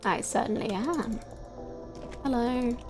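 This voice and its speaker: A woman's voice: on the high side, takes it slowly. Chatty young woman streamer over game music. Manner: chatty, laughing, animated storytelling. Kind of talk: casual chat while playing a game.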